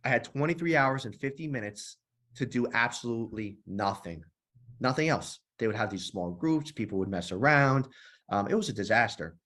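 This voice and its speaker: A man in his thirties, a former police officer, telling his story in a podcast interview in a lively, profane way, acting out the dialogue. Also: mid-range voice, moderate pace. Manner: animated, profane, acts out dialogue. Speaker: guest, nonprofit founder and former police officer.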